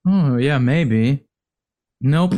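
A man's voice: mid-range voice, expressive, extremely slow, mellow. A man playing in a tabletop game, hesitant and stumbling over his words. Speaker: player. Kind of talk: casual tabletop game play.

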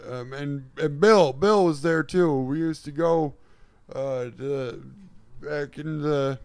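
A man voicing a rambling, crude old male president with a Southern accent, stammering through halting improv. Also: fairly high pitch, creaky, smooth, dry recording. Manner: stammering, halting, drawn-out filler sounds. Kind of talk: comedic improv impression.

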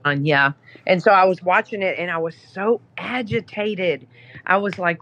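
Woman, podcast guest, lowish voice, chatty storytelling, muffled sound. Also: normal speed, fairly bright tone. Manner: chatty, lots of "you know" fillers. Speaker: podcast guest, app founder. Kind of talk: casual storytelling interview.

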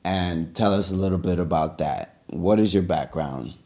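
A man hosting a casual podcast, his voice low and mellow. He asks questions in an easygoing way and laughs easily. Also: moderate pace. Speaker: podcast co-host.

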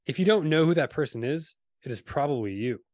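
Dry-joking man, fairly high voice. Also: expressive, a little fast, darkish tone, no echo. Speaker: podcast co-host. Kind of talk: casual chat.

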